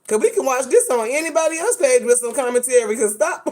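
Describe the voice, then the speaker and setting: A woman's voice: high voice, lively intonation, a little fast, a little mellow. A woman hosting a casual commentary vlog, sassy and dramatic, full of slang. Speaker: host.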